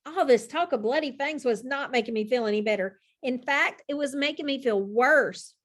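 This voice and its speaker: A woman narrating a children's storybook in the first person, with an expressive reading style. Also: high-pitched, moderate pace.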